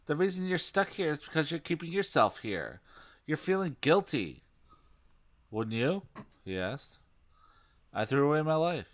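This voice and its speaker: A man's voice: fairly high pitch, big pitch swings, unhurried, pauses often. A man co-hosting a comedy podcast, reading a book aloud with dry, mocking asides. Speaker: podcast co-host.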